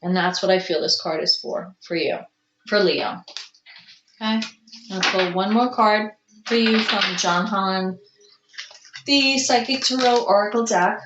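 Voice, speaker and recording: A woman doing a casual tarot reading to camera, slow and musing, with soft gushing exclamations and an allergy-roughened throat. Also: medium pitch, roomy sound, highs cut off, noisy background. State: clearing her throat from allergies. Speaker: tarot card reader.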